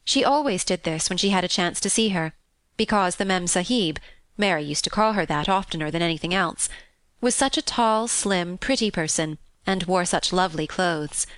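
A woman reading a classic children's novel aloud in a calm, steady and expressive narration. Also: lowish voice, moderate pace, dry recording. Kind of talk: scripted storybook narration.

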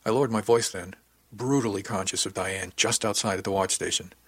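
A man telling a story in the first person, plain and earnest. His voice sits low with a husky edge. The recording is dry and close with no room sound. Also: brisk, a bit bright, dry recording. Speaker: audiobook narrator. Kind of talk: first-person audiobook narration.

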